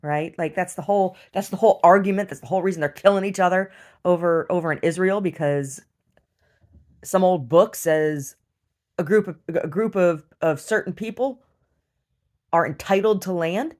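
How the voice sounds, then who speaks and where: A woman's voice: lowish voice, normal speed, a little mellow. A woman venting bluntly and profanely in a casual video diary recorded at home. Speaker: video diarist. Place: rural property at home.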